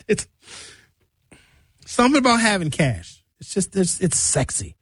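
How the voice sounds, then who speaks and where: A man's voice: high-pitched, a bit bright, breathy edge, no echo. A middle-aged man hosting a radio show, telling loose, bawdy comic stories. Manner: loose, bawdy, storytelling with acted-out voices. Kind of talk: comedic monologue.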